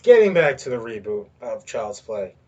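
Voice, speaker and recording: A man's voice: medium pitch, very animated, moderate pace, dull audio. A man hosting a podcast on his own, ranting in a rambling way with lots of swearing and filler words. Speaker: podcast host. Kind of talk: solo ranting commentary.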